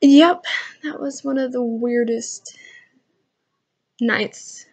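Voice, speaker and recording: A woman's voice: high voice, fairly even intonation, drawn-out words, darkish tone, husky. A young woman chatting casually on her own vlog, rambling through funny stories about kids and laughing as she goes. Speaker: channel owner.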